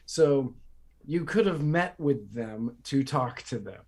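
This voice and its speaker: A man's voice: mid-range voice, animated, slow, darkish tone, slightly rough. A man hosting a political podcast, ranting sarcastically and repeating himself for emphasis. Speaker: podcast host. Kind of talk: casual political commentary.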